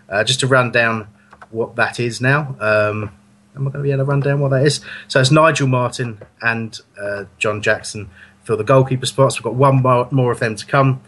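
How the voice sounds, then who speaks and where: A man hosts a football fan podcast in a loose, rambling way, often stopping mid-sentence to fix his words. His voice sits at an ordinary middle pitch, and he chuckles easily through the chat. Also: fairly bright tone. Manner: rambling, self-correcting, chuckling. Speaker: podcast host.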